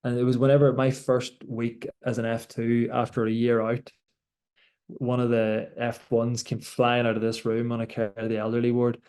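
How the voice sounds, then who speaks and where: A man's voice: medium pitch, monotone, moderate pace, a little mellow. A young man from Ireland, a doctor and rower, talking reflectively in an interview with many restarts. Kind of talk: conversational interview.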